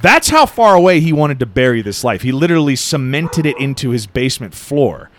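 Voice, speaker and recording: Animated, swearing man retelling a movie. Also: medium pitch, slight background noise. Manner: animated, swearing, retells scenes in quick bursts. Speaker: podcast co-host. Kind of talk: casual movie discussion.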